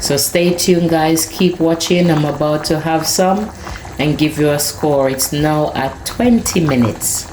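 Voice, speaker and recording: A woman's voice: deep voice, unhurried, a little mellow. A woman chatting to viewers while she cooks in her home kitchen, tasting and savoring the food. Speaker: cooking vlogger. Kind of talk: casual cooking vlog talk to viewers. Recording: echoey kitchen with cooking noise. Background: pot boiling.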